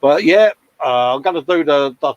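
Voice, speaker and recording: His voice leans high, with lively intonation at a normal pace, though the recording is muffled. He's a man in his 40s running an informal model-building livestream at his workbench, full of jokes and calling people mate.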